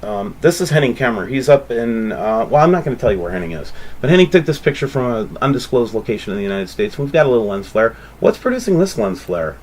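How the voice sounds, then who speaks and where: A man hosting a channel, talking casually and excitably over photos, rambling and calling out to viewers. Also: mid-range voice, fast, slight background noise. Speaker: channel host.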